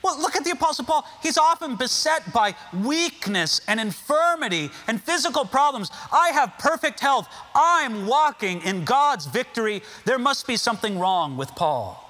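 A man's voice: very high voice, big pitch swings, moderate pace, hardly any pauses, bright, forceful tone, long reverb tail, pitched above the performer's own voice, full character voice. A man voicing a boastful early church member who brags about his wealth and health. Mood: smug. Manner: self-satisfied bragging.

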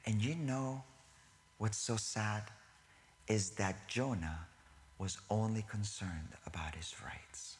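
A man preaching a sermon to a congregation. He talks in animated bursts, then drops to hushed near-whispers, and he corrects himself and laughs in asides. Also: on the low side, measured pace, pauses often.

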